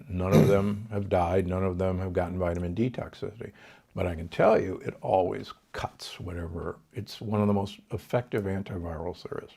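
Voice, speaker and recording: A man's voice: deep voice, vocal fry, darkish tone. An older man, a doctor, being interviewed and explaining health advice in an authoritative way, with numbers and frequent restarts. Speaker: doctor and guest. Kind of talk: podcast interview.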